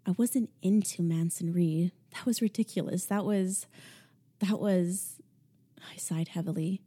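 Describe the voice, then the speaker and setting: A young adult woman narrating a first-person audiobook in a hushed, intimate way with sarcastic asides. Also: on the low side, unhurried, breathy edge.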